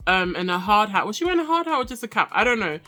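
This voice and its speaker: A young woman hosts a casual, chatty review of a reality show, full of sass and quick asides. Her voice is bright and forceful, and faint music plays behind her. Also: mid-range voice, sing-song. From Nigerian heritage. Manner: chatty, sassy, laughs often.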